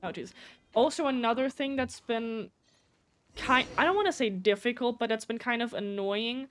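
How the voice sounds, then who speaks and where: A woman's voice: on the high side, normal speed, a little hiss or hum. A woman with a German accent, a native German speaker, chatting casually and rambling on a live gameplay stream, swearing often.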